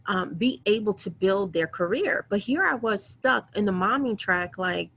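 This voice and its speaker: Over a computer mic with slight background noise, a woman in her thirties hosts a webinar and tells her own story with earnest, candid emotion. Her medium-pitched voice is fairly bright with lively intonation, and she quotes herself in quick bursts.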